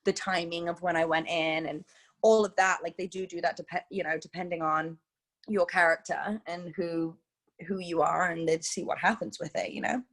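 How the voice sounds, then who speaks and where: A woman's voice: fairly low pitch, normal speed. Chatty young woman with British-LA accent. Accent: mix of British and Los Angeles. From England. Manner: chatty, many "like" and "you know" fillers, lively. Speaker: interview guest, reality show contestant. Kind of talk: casual chat.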